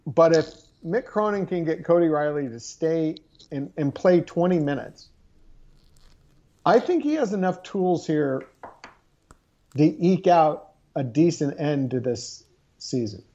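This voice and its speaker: Mellow man, dull lo-fi sound. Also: on the high side, animated, unhurried. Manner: hesitant, restarts often, cautious phrasing. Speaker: sports podcast co-host. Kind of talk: casual sports chat. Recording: dull lo-fi recording.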